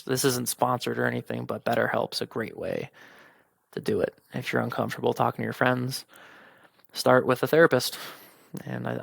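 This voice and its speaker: A man's voice: mid-range voice, vocal fry, fairly bright tone, no room sound. A young man hosting a podcast, talking candidly and informally about his own life, quoting friends and family and swearing at times. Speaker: podcast host. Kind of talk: personal monologue.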